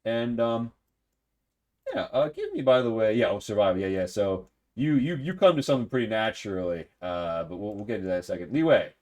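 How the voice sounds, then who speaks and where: A man's voice: on the low side, expressive, quick pace, hardly any pauses, darkish tone. A man running a tabletop game as game master, rambling through descriptions with many fillers.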